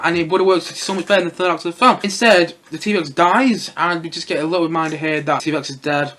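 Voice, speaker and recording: Young male reviewer, high voice, chatty and rambling, fillers and light laughs. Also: fairly bright tone. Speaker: film reviewer. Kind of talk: casual solo film review.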